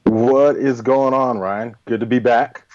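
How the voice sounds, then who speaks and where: A man's voice: mid-range voice, steady tone, measured pace, a little mellow, no echo, highs cut off. A man co-hosting a casual combat sports podcast, blunt and teasing in tone. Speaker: podcast co-host.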